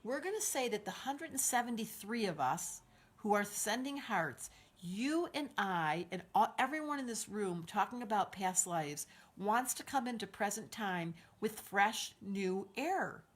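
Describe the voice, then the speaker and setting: An astrologer in her sixties hosts a live stream in an unhurried, animated voice of medium pitch. She encourages her viewers effusively, reads their comments aloud, and leads group breathing, recorded on a livestream setup.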